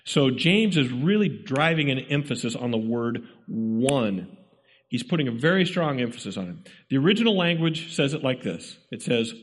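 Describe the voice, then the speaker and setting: A man's voice: mid-range voice, sing-song, moderate pace, long reverb tail. A man preaching a sermon, pressing his points with emphatic repetition and rhetorical questions to the congregation.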